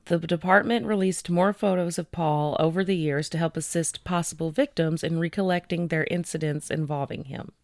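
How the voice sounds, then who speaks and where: A woman's voice: deep voice, creaky, a little mellow, no room sound, studio quality. A woman co-hosting a casual true-crime podcast, relaying news stories from her notes with frequent fillers. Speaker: podcast co-host.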